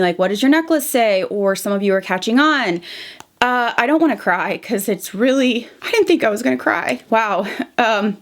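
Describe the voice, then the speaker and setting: A young woman talking casually to camera in a beauty vlog, chatty and heartfelt, with lots of "like" and "um". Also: mid-range voice. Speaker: beauty vlogger. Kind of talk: casual monthly favorites vlog.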